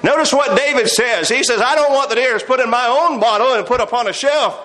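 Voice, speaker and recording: In a low-quality, roomy recording, a man with a very high-pitched, bright, forceful voice preaches a brisk sermon. He reads scripture in old-fashioned King James phrasing and calls his listeners "my friends."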